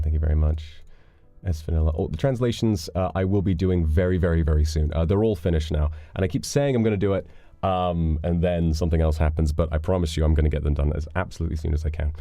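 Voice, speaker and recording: Very deep-voiced man chatting on stream. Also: fast, no echo, lo-fi sound, faint music behind. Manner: rambling, relaxed, swears casually. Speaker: livestreamer. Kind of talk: casual stream chat reading donations.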